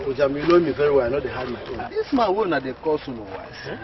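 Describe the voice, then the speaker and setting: A man's voice: mid-range voice, very animated, fast, highs cut off, crowd noise, close to an everyday voice. An actor with a Nigerian Pidgin accent playing a resentful male village vigilante who rants and mocks in a comedy film. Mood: mocking. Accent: Nigerian Pidgin English. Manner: ranting, mocking, indignant.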